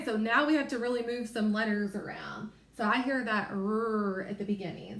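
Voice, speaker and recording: Slow, patient woman teaching phonics. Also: on the high side, reverberant. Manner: slow, sounding out letters and word parts. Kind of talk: recorded phonics lesson for young children.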